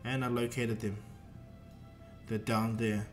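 A man's voice: medium pitch, flat delivery, slow, soft background music, close to an everyday voice. A man voicing a proud, scornful adult warrior prince in a fan-made story narration. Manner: scornful, blunt.

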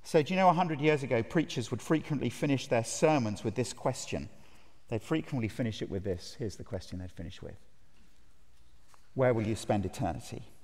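A man's voice: medium pitch, animated, a little fast. A man preaching a sermon at a conference, earnest and emphatic, putting direct questions to his listeners. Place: large conference hall. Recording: reverberant hall.

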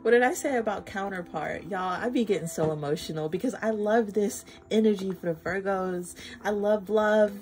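A woman's voice: mid-range voice, moderate pace, hardly any pauses, a little mellow. A woman giving a casual tarot reading to her viewers, effusive and emotional, swearing freely and calling them y'all. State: flustered and emotional. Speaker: tarot reader. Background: music.

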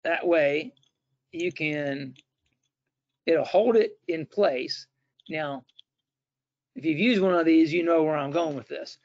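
A man's voice: on the high side, slow pace, pauses often, darkish tone, no room sound. A middle-aged man presenting a webinar, demonstrating a tool in a casual, chatty way with fillers and restarts. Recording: dull, dry, lo-fi webinar audio.

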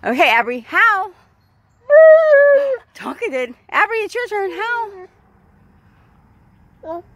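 High sing-song woman cooing at pets. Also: sing-song, measured pace, long pauses, pushed and bright, no room sound. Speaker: dog owner filming her pets. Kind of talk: baby-talk to pets and a child.

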